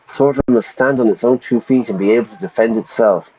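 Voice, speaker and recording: A man's voice: medium pitch, fairly quick, mellow, breathy edge, dull audio. Chatty man reading a game aloud. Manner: chatty, stops to explain vocabulary; stumbles over repeated words. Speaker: English teacher streaming a game. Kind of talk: reading game text aloud and explaining words.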